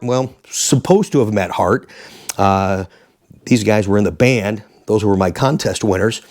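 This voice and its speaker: A man in his sixties, a former radio DJ and host, telling rambling, animated anecdotes casually. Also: lowish voice. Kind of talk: casual storytelling.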